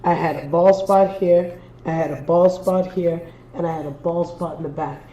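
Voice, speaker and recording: A woman's voice: on the low side, steady tone, normal speed, mellow, echoey room, distant mic, lo-fi sound, a little hiss or hum. A young Trinidadian woman, a spiritual reader hosting a casual livestream, tells a story in an emphatic, profane way, repeating phrases for effect.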